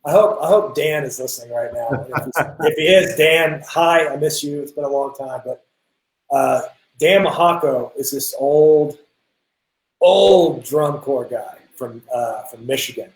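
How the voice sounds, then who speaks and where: Man, young adult, casual interview, animated storytelling, echoey sound. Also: fairly high pitch, measured pace. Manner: animated, lots of restarts, quotes people in acted voices. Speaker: guest drummer. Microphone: video call. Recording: roomy echo.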